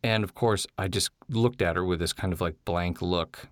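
A man's voice: deep voice, normal speed, no room sound, studio quality. A man telling a candid personal story in a rambling way, full of fillers.

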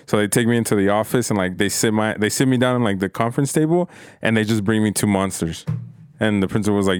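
A man telling a high school story in a laid-back way on a podcast, swearing often and using lots of fillers. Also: fast, clean tone, no echo, studio quality. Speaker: podcast guest. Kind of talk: casual storytelling chat.

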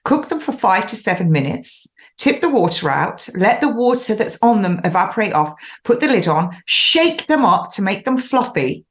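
Female host, 50s, chatty and instructive, mid-pitched everyday voice. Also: very animated, normal speed, few pauses. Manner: chatty, instructive, laughs now and then. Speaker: show host. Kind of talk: casual advice monologue.

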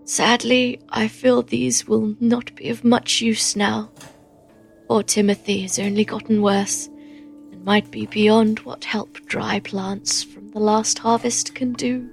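Gentle old elder, hushed and sorrowful, played by a woman GM. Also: fairly high pitch, slow pace, gravelly, soft background music, voice pushed up, heavily acted. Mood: grave. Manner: soft, confiding, grave. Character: kindly elderly village elder man.

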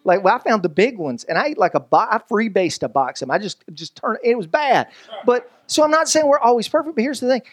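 High-voiced joking male pastor. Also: sing-song, fast, few pauses. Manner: conversational, joking, many restarts. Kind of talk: sermon.

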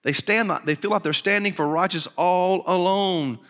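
Preacher, male, high bright voice, emphatic delivery, heard in a reverberant hall. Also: normal speed. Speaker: pastor. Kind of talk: sermon.

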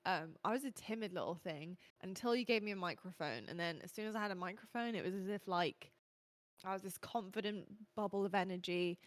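A young woman, an esports host, chatting casually on a podcast stream, lively and quick to laugh at herself. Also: mid-range voice, no room sound. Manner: lively, self-mocking, laughs often. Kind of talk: casual chat.

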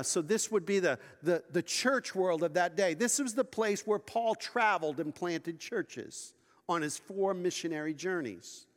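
A male pastor preaching a sermon in a conversational way, asking the congregation questions as he goes. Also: high-pitched. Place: church sanctuary. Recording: long church reverb.

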